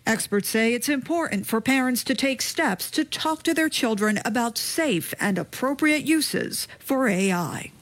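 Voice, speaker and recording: A woman narrating a scripted news report in an even, measured delivery. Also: a little high.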